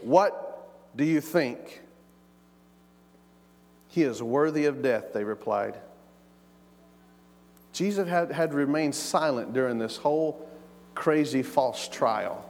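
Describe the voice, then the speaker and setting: A man's voice: medium pitch, unhurried, gravelly, long pauses, a little hiss or hum. A man preaching a sermon as pastor, emphatic, repeating his words and acting out the quoted lines. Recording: long reverb of a large hall.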